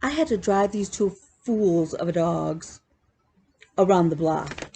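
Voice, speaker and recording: A woman vlogging about her cross-stitch hobby, telling animated, chatty stories with laughs. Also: fairly low pitch, unhurried, vocal fry, slight background noise. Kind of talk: casual chat.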